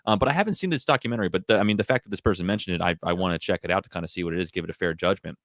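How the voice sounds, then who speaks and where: Fast-talking, agreeable man on a dry mic. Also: low voice, fairly bright tone, dry recording. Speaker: podcast co-host. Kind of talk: casual hockey podcast chat.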